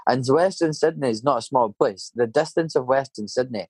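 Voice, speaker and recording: A man's voice: mid-range voice, brisk, a little mellow, slightly rough, dry recording. Middle-aged Scottish man, Scottish accent, rambling and sweary chat storyteller, dry close sound. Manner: swearing, rambling anecdotes with tag questions.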